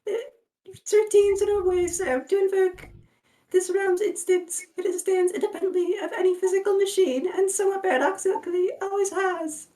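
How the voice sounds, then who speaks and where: A woman's voice: very high-pitched, steady tone, normal speed, warm tone, low-quality recording. A woman voicing a mischievous, cryptic old grandmother ghost, with a doddering and affectionate manner. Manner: doddering and affectionate, calls people dear. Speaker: reader in a group readthrough. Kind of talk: live unscripted fan script reading.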